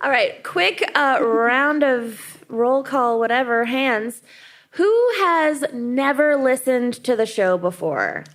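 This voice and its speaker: A woman's voice: high-pitched, lively intonation, slow, a bit bright. A woman co-hosting a podcast live on stage, leading the segments with dry joking banter. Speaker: podcast co-host. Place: live venue stage before a dinner audience.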